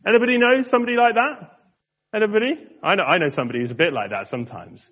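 A man preaching a sermon in a church, chatting with the congregation and slowing down to stress key words. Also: high-pitched, fairly bright tone, dry recording, lo-fi sound. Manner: conversational, asks the congregation questions.

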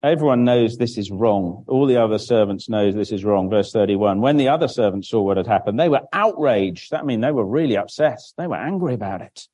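A man's voice: on the low side, lively intonation, fairly quick, few pauses, warm tone, rough recording. A man giving a children's Bible talk in church, explaining simply and asking questions that he then answers himself. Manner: draws on a board while speaking, with frequent restarts.

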